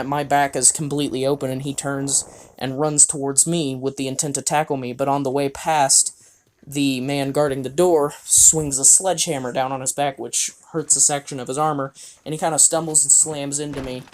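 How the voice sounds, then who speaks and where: A man's voice: medium pitch, flat delivery, moderate pace. Man rambling through a game story. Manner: rambling, with frequent fillers and chuckles. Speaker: player recounting a game. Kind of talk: casual storytelling.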